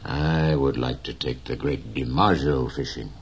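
A man voicing a gentle, dignified old fisherman in an audiobook reading, slow and measured. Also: very deep voice, steady tone, breathy edge, full character voice.

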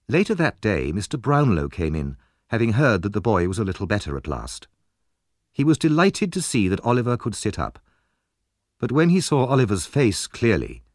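A male narrator reads a classic story aloud in an expressive, lively way. His voice sits fairly low but moves widely up and down, and the recording is dry, with no room sound around it. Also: no echo.

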